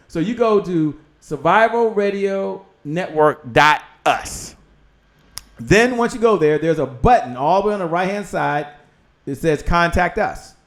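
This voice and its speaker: Lively high-voiced male show host. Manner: animated, excitable, talks to viewers and guest. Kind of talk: live-stream talk show hosting.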